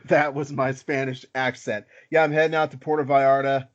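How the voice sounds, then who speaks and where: Chill guy hosting a nerd podcast, rambly, jokes on himself, mid pitch, kinda muffled sound. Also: little pitch movement, fairly quick. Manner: easygoing, self-deprecating, lots of filler. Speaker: podcast host. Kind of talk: casual podcast chat. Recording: slightly dull lo-fi audio.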